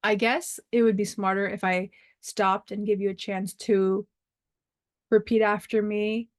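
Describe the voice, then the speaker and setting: Over a video call, a woman teaches a Spanish lesson, reading out words and their English meanings and adding chatty asides. She speaks a bit slowly in a flat, mid-range voice through her computer mic, and the audio is clean and studio-quality with no echo.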